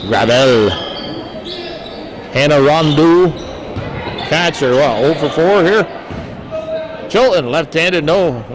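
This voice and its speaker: Folksy man calling high school basketball. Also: takes it slowly, pauses often. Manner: folksy, jokey, stumbles over player names. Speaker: play-by-play announcer. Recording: noisy gym broadcast audio. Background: gym ambience and bouncing basketballs.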